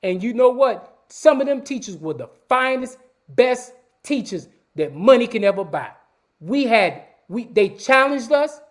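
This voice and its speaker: A man's voice: extremely high pitch, sing-song, unhurried. Emphatic man hosting a live show. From Savannah, Georgia, US. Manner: emphatic and preachy, repeats words, addresses viewers as y'all. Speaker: host. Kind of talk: live-stream commentary.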